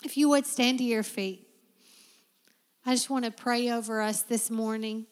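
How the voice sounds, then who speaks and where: A woman's voice: a little high, fairly even intonation, normal speed. A woman preacher giving a heartfelt sermon and prayer in a church, with a repetitive preaching cadence. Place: church sanctuary. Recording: long reverb of a church hall.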